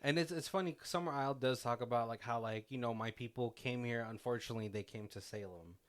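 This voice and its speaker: Man, podcast co-host, casual film chat, lively storytelling, breaks into laughter, acts out quotes. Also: mid-range voice, quick pace. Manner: animated retelling, acting out quotes, frequent laughter. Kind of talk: casual movie commentary chat.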